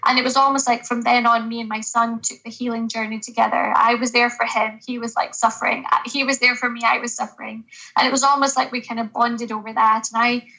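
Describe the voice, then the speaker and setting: Bright-voiced, earnest woman doctor. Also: a little high, little pitch movement, brisk, low-quality recording. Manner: earnest and reflective, with hesitant restarts. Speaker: GP guest. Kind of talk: podcast interview.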